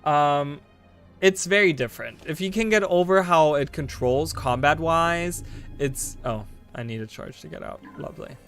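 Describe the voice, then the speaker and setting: A man's voice: on the high side, moderate pace, fairly bright tone, soft background music. A man streaming a game live, rambling to his viewers with bursts of delighted exclamations and casual swearing. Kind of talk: casual live gameplay commentary.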